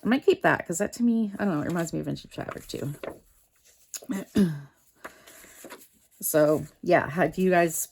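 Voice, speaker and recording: A woman's voice: lowish voice, moderate pace, creaky, pauses often, a little mellow, a little hiss or hum. A woman in her home art studio chatting casually to viewers while sorting craft papers, rambling and losing her train of thought. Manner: rambling, self-interrupting, talks to viewers. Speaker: art vlogger.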